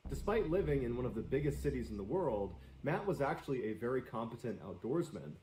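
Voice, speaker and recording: A man's voice: mid-range voice, big pitch swings, a little fast, a little mellow, reverberant, a little hiss or hum, poor audio. A man telling suspenseful stories on a live stream in a dramatic storyteller's delivery.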